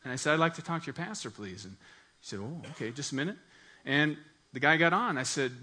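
A man preaching a sermon as pastor, telling a personal story in an earnest, animated way. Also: fairly high pitch, fast talker, slightly rough.

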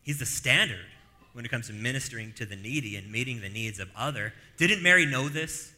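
A man's voice: fairly low pitch, fast, pushed and bright, long reverb tail. A man preaching a sermon, emphatic and rhetorical, repeating phrases for stress.

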